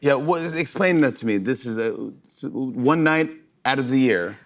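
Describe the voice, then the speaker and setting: A man hosting a late-night talk show interview, playful and teasing, firing off quick follow-up questions. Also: mid-range voice, lively intonation. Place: TV studio with audience.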